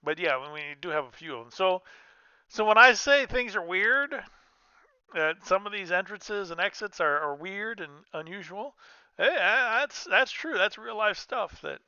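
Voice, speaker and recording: A man chatting his way through a trucking game in a bright, ringing, smooth voice that sits a little high. He rambles, restarts his sentences and drifts between thoughts. The recording is dry and a bit dull, made at a home desk mic. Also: no echo. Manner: rambling, self-interrupting, chatty. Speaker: gaming streamer. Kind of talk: casual gameplay commentary.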